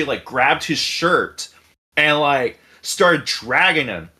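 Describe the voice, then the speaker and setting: Animated man telling a wild story. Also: fairly high pitch, unhurried. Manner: animated, profane, acts out voices in quotes. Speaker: podcast host. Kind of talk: casual storytelling chat.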